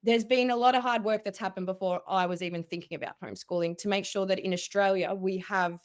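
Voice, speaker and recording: A woman's voice: mid-range voice, fairly even intonation, fast. A woman hosting an online panel discussion, upbeat and effusive as she introduces the guests. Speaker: host.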